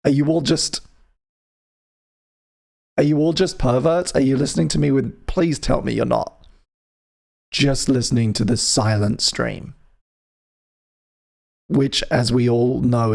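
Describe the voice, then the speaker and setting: A man's voice: medium pitch, a little slow, gravelly, pauses often, a little mellow. A man from the UK hosting a live music stream, chatting casually and playfully with his viewers in a rambling, teasing way. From United Kingdom.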